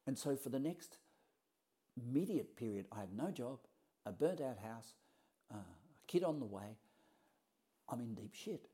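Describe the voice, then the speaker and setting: A man tells a story from his own life in a loose, conversational way. His voice is mellow and relaxed, and he sits at a middle pitch for a man. He is blunt, swears now and then, and acts out the back-and-forth dialogue as he goes. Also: a little slow, pauses often. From Australia. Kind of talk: casual personal storytelling.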